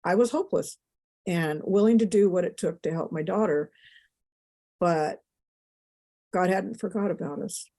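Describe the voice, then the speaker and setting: Mellow-voiced woman telling a heartfelt story. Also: lowish voice, measured pace, long pauses. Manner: emotional, rambling with many asides. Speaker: podcast guest. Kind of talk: personal storytelling.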